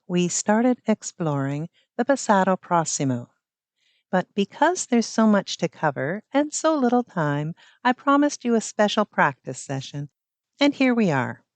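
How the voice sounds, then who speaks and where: A woman hosting a language-learning podcast, reading a scripted lesson in a patient, clear way and asking the listener questions. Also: on the low side, no room sound. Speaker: language teacher and podcast host.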